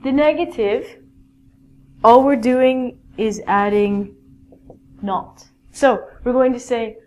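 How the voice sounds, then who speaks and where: Slow, clear-speaking woman teacher. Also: medium pitch, darkish tone. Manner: slow, clear teaching with many "okay?" checks. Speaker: English teacher. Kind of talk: classroom grammar lesson.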